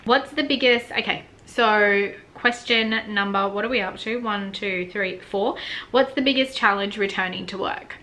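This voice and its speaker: A woman's voice: mid-range voice, moderate pace, pushed and bright. An Australian woman in her thirties, chatting casually to camera in a vlog and growing tearful and emotional as she talks. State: close to tears. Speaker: vlogger. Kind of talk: casual sit-down vlog chat.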